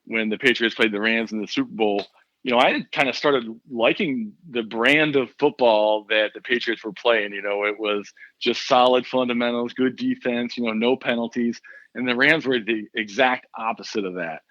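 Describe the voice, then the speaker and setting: A man from southeastern Pennsylvania, a guest in a casual interview, talking in a relaxed way full of "you know" fillers. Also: mid-range voice, normal speed, no echo, dull audio.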